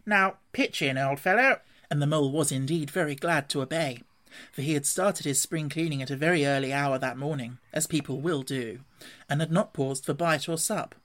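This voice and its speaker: A reader narrating a classic storybook in a measured, even way. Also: medium pitch. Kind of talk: storybook reading.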